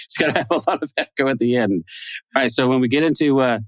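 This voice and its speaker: Man co-host, goofy rambler, dry close sound, mid-pitched. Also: quick pace, dry recording. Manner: goofy, rambling, laughs often. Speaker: podcast co-host. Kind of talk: casual chat.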